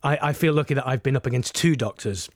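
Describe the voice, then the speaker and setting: A British man, an actor, talking warmly and haltingly as a guest on a radio show, often repeating words. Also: medium pitch. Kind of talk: casual radio interview.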